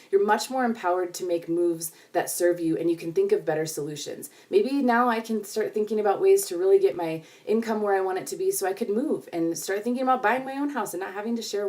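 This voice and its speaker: A woman's voice: medium pitch, darkish tone, recorded from a distance. A woman talking casually to her viewers in a chatty, reflective way with many fillers. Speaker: vlogger. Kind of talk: casual talk to camera.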